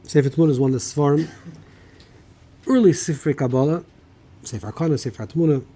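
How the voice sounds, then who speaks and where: Male rabbi, husky voice, loose teaching delivery, restarts often, mixes in Hebrew terms. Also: fairly high pitch, a little fast, warm tone. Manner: thinking aloud, many restarts, mixes Hebrew terms into English. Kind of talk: informal Torah lecture.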